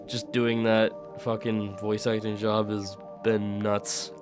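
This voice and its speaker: A man's voice: on the low side, flat delivery, takes it slowly, music in the background. A young man who grew up in the UK, talking in a mixed American-sounding accent, chatting casually on a stream, rambling and laughing, with light swearing. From United Kingdom. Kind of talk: casual chat to live chat.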